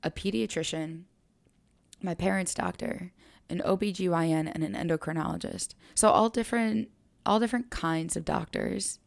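A woman's voice: fairly low pitch, moderate pace, vocal fry. A young adult woman hosting a podcast, telling a personal story in an earnest, reflective way and repeating phrases for emphasis. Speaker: podcast host.

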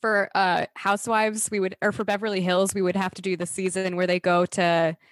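A woman co-hosting a casual podcast chat, expressive and lively, with frequent swearing and fillers. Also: mid-range voice, fairly quick, dry recording.

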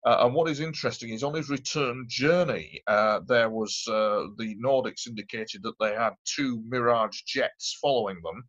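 A man's voice: mid-range voice, normal speed, hardly any pauses, fairly bright tone. A man, a guest telling a long personal story in a rambling, emphatic way, repeating himself. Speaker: interview guest. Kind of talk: casual storytelling. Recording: dull lo-fi audio.

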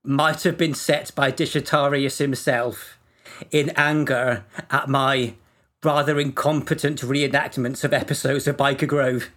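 Deadpan man telling odd facts. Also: medium pitch, a little slow. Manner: dry, deadpan delivery. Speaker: podcast co-host presenting facts. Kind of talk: casual comedic podcast chat.

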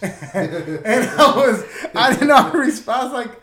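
A man co-hosting a podcast in casual banter, swearing freely, laughing often and telling stories with animated quoted voices. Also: on the high side, unhurried, hardly any pauses. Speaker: podcast co-host. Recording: echoey room.

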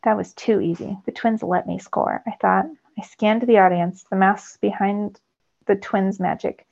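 A woman teacher reading a novel aloud to her students, telling it with lively storytelling that rises with the action. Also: medium pitch, creaky. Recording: dull lo-fi recording.

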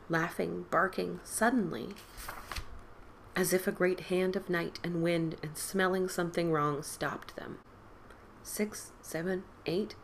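A woman podcast host reading a spooky story aloud in an expressive storybook style, dropping to whispers and rising for the characters' cries. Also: fairly low pitch, slight background noise. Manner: dramatic, drops to whispers and lifts for quoted boys' cries.

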